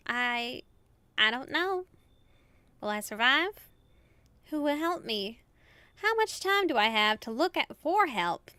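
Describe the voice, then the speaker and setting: A woman streamer commenting on a game as she plays, excitable and quick to laugh and swear. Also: sits high, clean tone, no echo.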